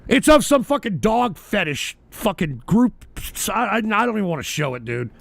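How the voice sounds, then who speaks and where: A man's voice: high-pitched, sing-song, moderate pace, creaky, no echo. A man hosting a live-streamed talk show, reading out odd news stories with brash, profane, mocking commentary. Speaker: political talk show host.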